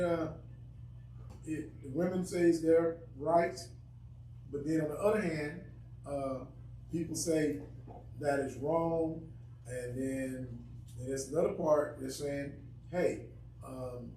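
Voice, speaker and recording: High-voiced man, echoey distant mic. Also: a little slow, pauses often, a little mellow. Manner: earnest, emphatic. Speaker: class member. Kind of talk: Bible study discussion. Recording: echoey room, far from mic, faint noise.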